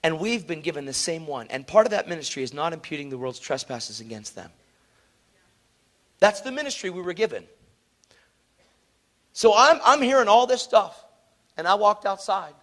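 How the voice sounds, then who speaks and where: A man with a voice pitched a little above usual preaches by telling a story. He is earnest and conversational, calls people "man," and acts out the people in his tale. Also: moderate pace, pauses often. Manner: animated storyteller acting out dialogue. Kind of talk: sermon storytelling.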